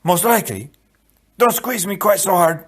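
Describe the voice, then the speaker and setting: A man voicing a proud, quick-witted swordsman who speaks with bold bravado in an audiobook reading. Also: sits high, animated, creaky, breathy edge, pitched above the performer's own voice, exaggerated voice. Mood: wry bravado.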